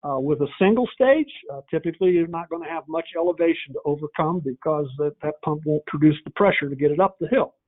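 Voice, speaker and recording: A man's voice: on the high side, fast, hardly any pauses. A man giving a folksy training talk, telling stories and acting out conversations. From northern Indiana, USA. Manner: folksy storyteller, acts out dialogue. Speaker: pump company trainer. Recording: tinny phone-like audio.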